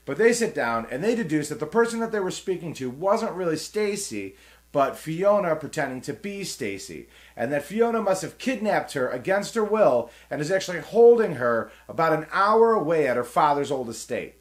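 Retelling scenes with lively character voices, this film review host keeps his breakdown casual and laughs frequently. His pitch runs a little high with wide swings, and his pace is moderate.

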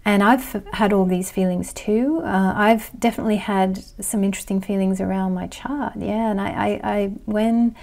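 Woman, middle-aged, astrology channel host, mellow warm tone, casual reflective chat, hesitant restarts. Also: mid-range voice, fairly even intonation, normal speed, gravelly, hardly any pauses. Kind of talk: casual monologue to viewers.

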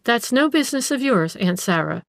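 A woman voicing a pert, sharp-tongued young woman in a storybook reading, with retorts that are acid and quick to answer back. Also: on the high side, animated, no echo, studio quality.

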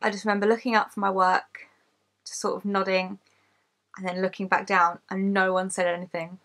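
A woman's voice: medium pitch, flat delivery, brisk, a bit bright. A woman in her late twenties from Kent with an English accent, chatting to camera as a YouTuber and listing facts about herself, candid and self-mocking, swearing freely. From England, Kent.

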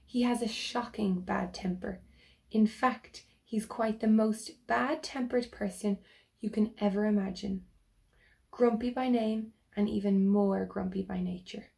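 A woman teacher reading a picture book aloud to children, slowly and gently, and stopping to ask them questions. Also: medium pitch, steady tone, vocal fry.

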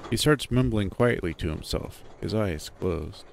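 Man, first-person story narration, low voice, lively intonation. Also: measured pace, vocal fry, background noise.

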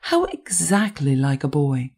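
A woman's voice: low-pitched, huge pitch swings, measured pace, darkish tone, husky, exaggerated voice. A woman voicing a polite, motherly young girl who is courteous and a little patronizing, in an audiobook. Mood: prim. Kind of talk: audiobook character voice.

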